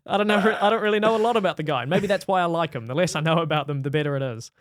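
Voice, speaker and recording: A man co-hosting a movie podcast in casual, wry chat full of quick jokes and asides. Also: fairly high pitch, dry recording, clean studio sound. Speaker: podcast co-host.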